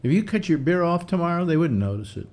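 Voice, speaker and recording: An older man hosting a casual chat show, telling stories in a chatty, animated way. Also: a little high, fast talker. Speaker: host.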